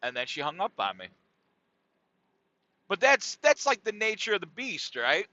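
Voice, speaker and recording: A middle-aged man hosting a podcast gives a relaxed, rambling, profane comedic monologue at a moderate pace. His high voice swings widely in pitch and sounds pushed and bright. The recording is lo-fi, dull and dry, without echo.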